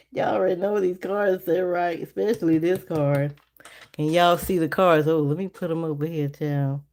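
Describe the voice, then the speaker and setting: A woman reading tarot on a casual live stream, chatty and laughing often as she talks to her viewers. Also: darkish tone. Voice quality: naturally deep voice. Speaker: livestream tarot reader.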